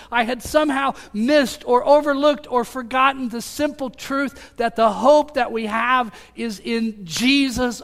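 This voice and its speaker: High-voiced man preaching in echoing hall. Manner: earnest storytelling, swings from loud to hushed. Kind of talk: sermon testimony. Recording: long hall reverb.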